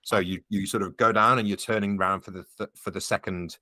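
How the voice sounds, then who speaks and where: A man's voice: fairly low pitch, fairly even intonation, fast talker, pushed and bright, dry recording. A man running a tabletop game as game master, explaining the rules patiently with frequent ums.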